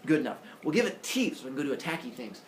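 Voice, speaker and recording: A man's voice: mid-range voice, big pitch swings, racing, a little hiss or hum, natural voice. A man voicing an eager, clumsy young god who squeals with glee and shrugs off sloppy work, in an echoey classroom. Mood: careless.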